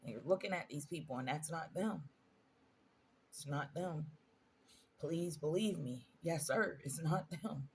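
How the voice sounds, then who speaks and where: A woman's voice: sits low, measured pace, pauses often, darkish tone, a little hiss or hum. A woman vlogger telling personal stories in a casual storytime monologue, earnest and emphatic, repeating phrases for stress.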